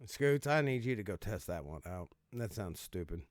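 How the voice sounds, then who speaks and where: A man's voice: fairly low pitch, animated, moderate pace, no echo, studio quality. A man hosting a casual comedic commentary, sarcastic and profane, laughing as he riffs with mock voices. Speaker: host reacting to odd laws.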